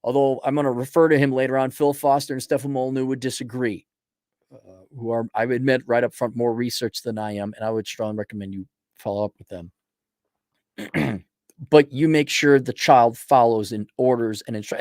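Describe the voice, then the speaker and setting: A man's voice: medium pitch, steady tone, fairly quick, a little mellow, dry recording, clean studio sound. Blunt, crude man ranting. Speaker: podcast host. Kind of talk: profane rant.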